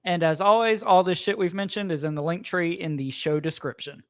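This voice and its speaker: A man with a fairly high voice co-hosts a relaxed chat. He talks in an even tone and drops dry, wry quips. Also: a little fast. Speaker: podcast co-host. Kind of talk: casual comedic chat.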